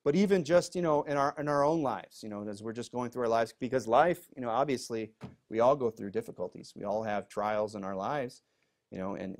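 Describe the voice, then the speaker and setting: A man's voice: lowish voice, darkish tone. A man preaching a Bible study in a church, reading verses aloud with emphasis and explaining them in a casual, conversational way full of fillers. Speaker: pastor. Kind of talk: expository Bible teaching.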